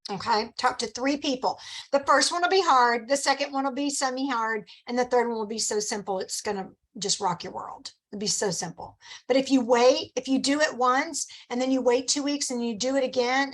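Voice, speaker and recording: A middle-aged sales director leads a motivational team meeting in a bright, high-pitched voice, coaching in an upbeat, encouraging way. She slips into quick acted-out customer lines, and the audio is poor.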